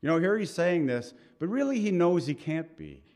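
A man's voice: a little high, big pitch swings, darkish tone. Man preaching an earnest sermon. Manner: earnest, conversational preaching with pauses and asides. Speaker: pastor.

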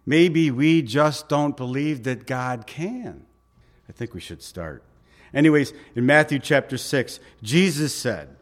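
A man preaching a sermon in a conversational way, reading scripture and acting out short quoted asides. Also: a little high. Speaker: pastor.

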